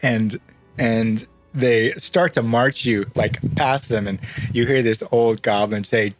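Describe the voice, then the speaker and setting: A man's voice: medium pitch, takes it slowly, faint music behind. A man narrating as game master in a tabletop game, loose and rambling and often laughing.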